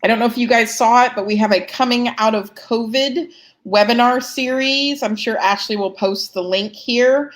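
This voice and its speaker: A woman's voice: fairly high pitch, moderate pace. A woman hosting a live fundraising Q&A, chatting casually with many ums and self-deprecating asides, yawning and a bit short of breath. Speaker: host answering fundraising questions. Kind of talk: live Q&A chat.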